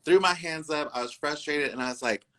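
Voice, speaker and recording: Bright, animated Two-Spirit storyteller. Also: mid-range voice, brisk, rough recording. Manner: animated, acts out quoted voices; uses many fillers and "I was like". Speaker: guest, incoming co-host. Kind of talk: casual storytelling interview.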